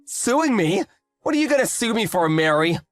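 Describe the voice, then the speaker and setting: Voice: mid-range voice, sing-song, moderate pace, soft background music, natural voice. A voice actor playing a defensive, pleading cheating husband in his late thirties. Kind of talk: voiced story drama.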